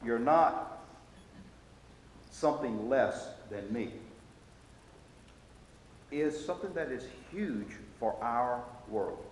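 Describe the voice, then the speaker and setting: A man leads a Sunday school lesson, talking earnestly and sometimes stumbling over his words before he presses his point. His voice sits at an ordinary pitch for a man. It rings through a big reverberant church hall with a faint hiss underneath. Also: lively intonation. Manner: earnest, halting with restarts, grows emphatic when quoting.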